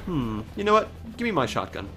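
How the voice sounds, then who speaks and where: A man giving profane, sarcastic, excitable commentary over his own gameplay. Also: fairly high pitch, a little fast, faint music behind. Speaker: gaming commentator. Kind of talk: let's play commentary.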